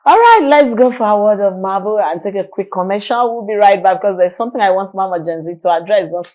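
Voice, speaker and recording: A woman with a Nigerian English accent hosting a live morning call-in show, lively and quick to laugh. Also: medium pitch, highs cut off. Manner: lively, laughing, reads listener texts aloud. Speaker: radio/TV show host.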